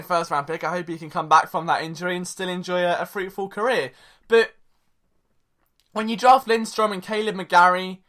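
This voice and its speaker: A man's voice: high-pitched, pushed and bright. A man hosting a sports podcast, talking in a chatty, jokey, rambling way. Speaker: podcast host. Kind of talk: casual sports podcast talk.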